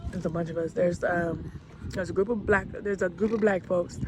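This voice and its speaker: A woman vlogger tells a story in a chatty, unhurried way, full of slang. She talks casually to her viewers. Loud outdoor and traffic noise sits clearly behind her voice. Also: lowish voice, fairly even intonation. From Alabama, US South. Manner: laid-back, slangy and chatty. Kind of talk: storytelling vlog.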